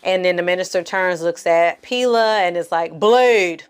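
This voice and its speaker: A woman's voice: lowish voice, normal speed, clean tone. A woman giving a casual, slang-filled recap and review of a TV episode, chatting to her viewers and acting out the characters' lines. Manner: animated, slangy, acts out characters' lines with exaggerated inflection; frequent fillers and asides to the audience. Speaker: film and TV reviewer.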